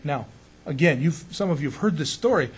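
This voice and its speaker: A man, a pastor, preaching through an animated, self-mocking story full of restarts. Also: a little high, brisk, breathy edge. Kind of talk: storytelling sermon.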